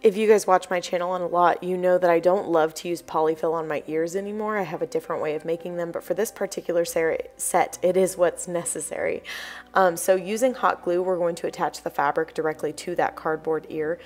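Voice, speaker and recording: A young woman narrates a do-it-yourself tutorial in a friendly, explanatory voice-over. Her voice is a bit low and croaky, as if recorded early in the morning. Soft music plays faintly beneath her. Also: steady tone, a little fast. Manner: chatty, explanatory, apologetic asides. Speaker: DIY crafts channel host.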